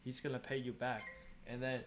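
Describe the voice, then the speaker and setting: A man's voice: mid-range voice, little pitch movement, a little fast, background noise. A young man venting about being swindled while he plays a game, in casual, exasperated commentary. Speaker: gaming streamer.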